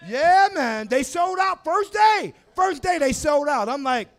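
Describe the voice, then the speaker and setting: A man in his forties tells crude stories on a comedy club stage, his voice very high and swinging widely in pitch. He talks loudly into a handheld mic and shouts his punchlines. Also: measured pace, hardly any pauses. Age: 40s. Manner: loud, crude, animated storytelling with shouted asides. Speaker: stand-up comedian. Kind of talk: stand-up comedy set.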